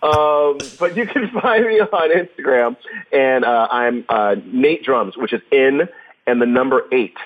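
A man's voice: medium pitch, unhurried, narrow, tinny audio. A man chatting as a guest on a podcast, telling stories with lots of laughter. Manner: animated storyteller, laughs often. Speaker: podcast guest, professional drummer. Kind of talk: casual interview chat.

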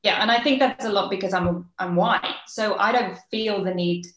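A woman with an English accent, co-hosting a podcast and talking things through in a reflective, quick way. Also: mid-range voice, a bit bright. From England. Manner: reflective, explains in quick bursts. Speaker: podcast co-host. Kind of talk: casual podcast chat. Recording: roomy echo.

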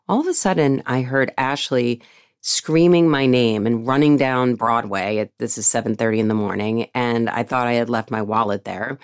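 A woman's voice: extremely low pitch, dry recording, clean studio sound. A middle-aged woman from the United States hosting a podcast, telling a story in an upbeat way. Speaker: podcast host.

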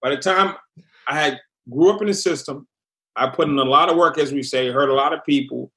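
A man speaking in a slightly high voice tells a story in an interview. His delivery is blunt and measured, with slow and deliberate phrasing. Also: bright, forceful tone. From Massachusetts. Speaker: guest, former prisoner.

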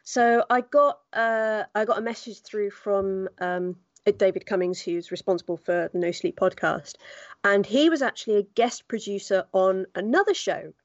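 A woman's voice: mid-range voice, moderate pace, no echo, muffled recording. A woman voice actor chatting as a podcast guest, telling stories and acting out quoted voices. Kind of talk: casual podcast chat.

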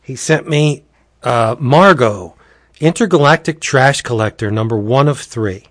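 A man's voice: mid-range voice, a little slow, a bit bright, no room sound, clean studio sound. A man from Pennsylvania co-hosting a casual podcast chat at home, jokey and prone to stumbling over his words. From Pennsylvania, USA. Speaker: podcast co-host. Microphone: home recording setup.

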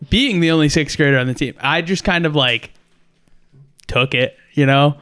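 A young man in a casual podcast chat, talking in a halting, self-deprecating way. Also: a little high, fairly bright tone, clear, resonant tone, soft background music.

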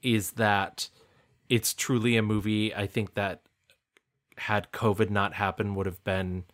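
A man co-hosting a film review podcast, giving thoughtful, measured criticism in a casual way. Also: lowish voice, flat delivery, a bit bright. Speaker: podcast co-host.

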